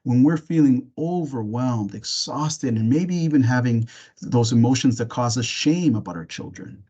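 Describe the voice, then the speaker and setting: A man presenting a parenting webinar, gently walking listeners through reflective questions in a casual way with some fillers and restarts. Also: medium pitch, lively intonation, normal speed. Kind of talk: reflective webinar talk with guided imagery.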